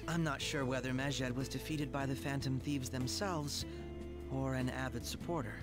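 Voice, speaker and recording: A man voicing a polite young male detective, reading his lines in a smooth, measured, courteous way over soft game music. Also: medium pitch, steady tone, lightly acted.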